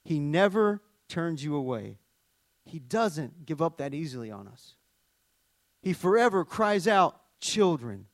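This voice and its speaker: A pastor preaching a sermon, dropping to hushed tender lows and rising to loud emphatic peaks, asking the congregation questions. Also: male voice, sing-song, unhurried, no echo.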